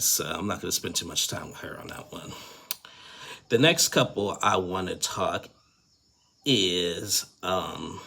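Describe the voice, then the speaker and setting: Low gravelly man recapping reality TV. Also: bright, forceful tone. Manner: rambling, filler-heavy, frank opinions. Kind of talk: casual opinionated TV recap.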